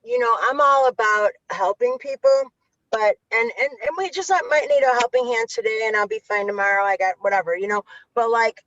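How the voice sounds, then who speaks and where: A woman's voice: fairly high pitch, brisk, a bit bright, no echo. A woman with a Chicago accent, an author and youth interventionist, talking candidly in an interview, blunt and profane, with many restarts. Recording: dull lo-fi audio.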